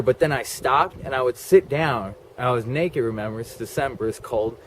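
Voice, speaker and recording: A man's voice: mid-range voice, moderate pace, a little hiss or hum. A man telling a personal story in a rambling way, full of "like" and "okay?" asides. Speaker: vlogger.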